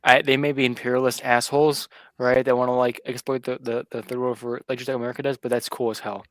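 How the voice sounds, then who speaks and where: A man's voice: medium pitch, flat delivery, fast talker, dry recording. A man in casual live-stream chat, speaking bluntly and edgily and often trailing off.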